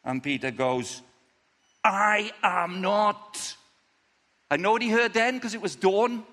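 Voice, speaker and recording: A man preaching a lively, chatty sermon, acting out the characters' lines in different voices. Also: high voice, brisk, long reverb tail. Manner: animated, acts out quotes in voices, chatty asides.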